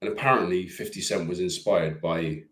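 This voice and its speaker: A man's voice: low voice, steady tone, moderate pace, a bit bright, echoey room. A British man co-hosting a live chat stream, joking and rambling loosely. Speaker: livestream co-host.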